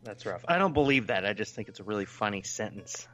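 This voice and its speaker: A man co-hosting a casual comedic chat, loud and joking, swearing freely. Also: fairly low pitch, animated, fast, faint music behind. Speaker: co-host.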